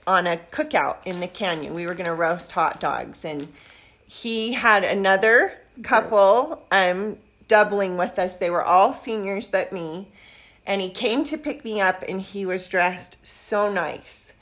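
Speaking a little slowly in a mid-range voice, an older grandmother recounts her youth in a casual interview. She's a lively storyteller who performs the dialogue she quotes.

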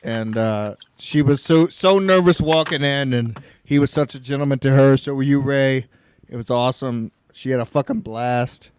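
A man's voice: mid-range voice, moderate pace, a little mellow, slight background noise. A man co-hosting a podcast, swearing and laughing through rowdy casual banter. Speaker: podcast co-host.

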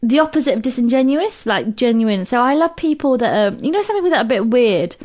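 Brief: British comedian woman, 30s, lively, foul-mouthed, slightly high voice, podcast guest. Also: fast talker. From Britain. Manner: animated, swears freely, acts out quoted voices. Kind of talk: casual podcast chat.

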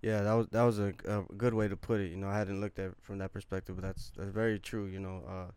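A man with a smooth, resonant, fairly low voice hosting a podcast interview. He builds his questions slowly, pausing on fillers, and keeps the talk thoughtful and easygoing. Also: level tone, darkish tone, no echo. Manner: measured, thoughtful, many fillers. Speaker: podcast host.

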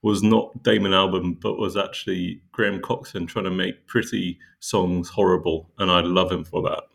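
A man's voice: deep voice, fairly even intonation, moderate pace, vocal fry. A middle-aged man co-hosting a podcast, chatting casually and hesitantly, full of fillers as he searches for words. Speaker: podcast co-host. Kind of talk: casual chat.

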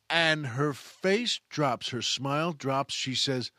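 A man with a slightly higher voice hosts a comedy podcast. He delivers a folksy monologue, repeats phrases and draws them out. The sound is dry and close. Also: sharp tone, dry recording. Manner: folksy, repetitive, drawn-out. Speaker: podcast host and stand-up comic.

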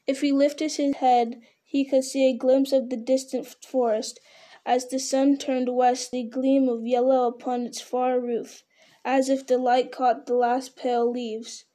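High, mellow-voiced woman reading a story aloud. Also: level tone, a little slow. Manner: unpolished reading with frequent slips and restarts. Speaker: reader.

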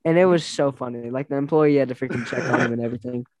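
A man's voice: medium pitch, fast talker, a little mellow, no echo. A young man casually chatting and telling rambling, laughing stories, full of fillers and restarts. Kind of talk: casual chat.

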